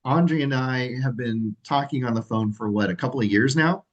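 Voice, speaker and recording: A man's voice: mid-range voice, brisk, highs cut off. A man hosting a livestream as association president, talking in an upbeat, rambling way with fillers. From California. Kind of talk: livestream presentation.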